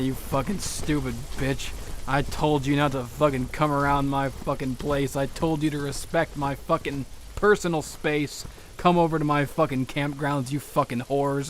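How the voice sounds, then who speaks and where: A man's voice: mid-range voice, slight background noise, close to an everyday voice. Man doing a foul-mouthed ranting Jason. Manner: profane muttering rant, mock-menacing. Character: foul-mouthed ranting male slasher killer.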